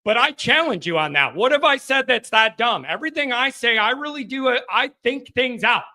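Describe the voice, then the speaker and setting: Blunt, bright-voiced man hosting a call-in show. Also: very high-pitched, lively intonation, a little fast. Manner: blunt, combative. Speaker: show host. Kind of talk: live call-in sports talk show.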